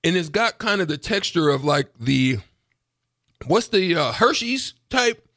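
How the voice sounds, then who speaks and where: A man co-hosting a radio show in casual chat, animated and playful, laughing often. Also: on the high side, a little slow, a little hiss or hum.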